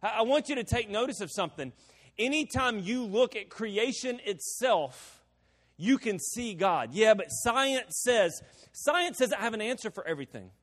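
A man preaches as pastor in a relaxed, talky way, tossing rhetorical questions to the crowd. His voice sits high for a man. It carries a long reverb from a church hall. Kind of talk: sermon.

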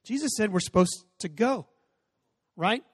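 High-voiced pastor preaching in a hall. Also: male voice, expressive, measured pace, husky, clean studio sound. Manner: conversational storytelling, acts out exchanges in raised voices. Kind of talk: sermon. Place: church sanctuary with a stage and audience seating.

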